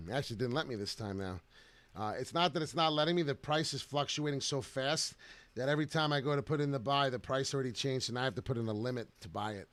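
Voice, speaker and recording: A man giving brash, excited live commentary to viewers while trading crypto on charts. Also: mid-range voice, quick pace, no echo.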